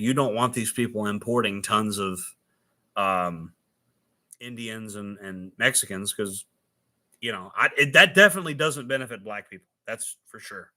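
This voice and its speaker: A man's voice: lowish voice, sharp tone. A man hosting a casual, rambling monologue, with plenty of restarts and fillers. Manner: rambling, many fillers and restarts, laughs at own jokes. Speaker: host.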